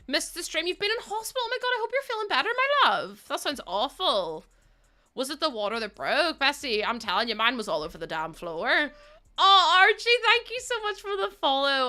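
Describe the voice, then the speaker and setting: A woman's voice: on the high side, pushed and bright. A young woman streaming and chatting casually with her viewers, giggling often and singing bits of songs. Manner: chatty, giggly, reads chat aloud, sings snippets. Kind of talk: casual livestream chat while building.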